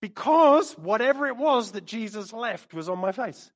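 A man preaching a sermon in a church, animated and storytelling, speaking into a microphone. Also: very high voice, normal speed. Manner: animated, storytelling, acts out quotes with laughs. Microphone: microphone he moves around while preaching.

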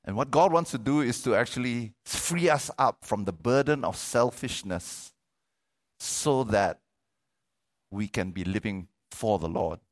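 A middle-aged male pastor preaching a sermon, animated, repeating words and asking for amens. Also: medium pitch, unhurried.

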